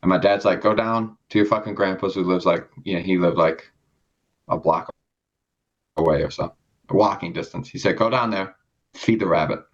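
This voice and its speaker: A man's voice: low-pitched, moderate pace. A young man on a podcast telling a rambling story in casual chat, swearing often and acting out the people in it. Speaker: podcast co-host. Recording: dull lo-fi sound.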